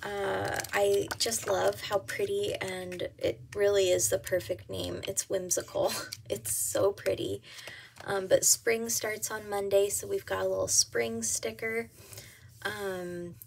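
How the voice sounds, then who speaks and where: A woman's voice: mid-range voice, little pitch movement, slow pace, vocal fry, slight background noise. A woman chatting casually to camera at home about her planner, giggly and full of ums. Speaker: planner vlogger.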